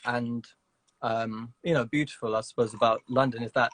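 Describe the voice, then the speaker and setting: A man's voice: mid-range voice, steady tone, normal speed, fairly bright tone, a little hiss or hum. A man as a guest in a casual interview over a video call, talking in a reflective way with many "you know" and "sort of" fillers.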